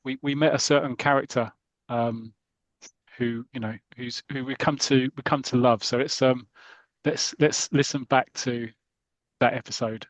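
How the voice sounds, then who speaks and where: Speaking at a moderate pace with medium pitch and fairly even intonation, a podcast host introduces clips and segments in a casual chat. He's hesitant, with lots of fillers and restarts, and the recording is dry.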